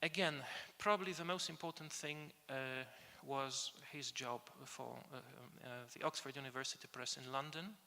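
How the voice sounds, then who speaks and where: Speaking with a steady tone in a mid-range, gravelly, bright-edged voice, a native Polish man lectures at an academic conference. He often pauses with fillers and starts phrases over, while the conference hall's long reverb rings through the recording.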